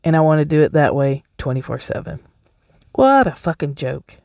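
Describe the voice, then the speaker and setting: A woman's voice: deep voice, very animated, moderate pace, vocal fry, a little mellow, no room sound, clean studio sound. A woman hosting a solo podcast, talking bluntly and emphatically, swearing freely and laughing often. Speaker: podcast host. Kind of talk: casual solo podcast talk.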